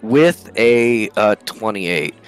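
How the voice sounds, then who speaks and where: A man's voice: fairly low pitch, expressive, drawn-out words, soft background music. A man narrating as game master in a tabletop game, rambling with many fillers.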